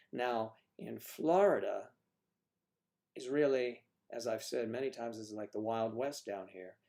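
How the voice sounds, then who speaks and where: Chatting and joking as he answers viewer comments, a man from the northern United States hosts a casual livestream. His medium-pitched voice is a little mellow, and he reads the comments aloud in a chatty, jokey way.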